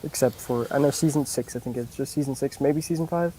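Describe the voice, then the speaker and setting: A man's voice: medium pitch, brisk, dark tone, a little hiss or hum, rough recording. A man co-hosting a casual podcast, sharing trivia while unsure of the details. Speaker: podcast co-host. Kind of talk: casual chat.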